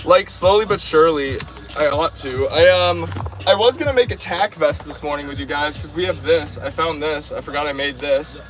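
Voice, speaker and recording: A man's voice: a little high, normal speed, over music, rough recording. A man hosting a casual crafting stream, rambling playfully between topics while he works. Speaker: channel host, crafter.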